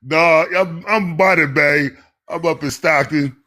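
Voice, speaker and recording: A man calling in to a live show, talking in an excited, slangy, gushing way. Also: on the high side, a little slow, slight background noise. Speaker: caller.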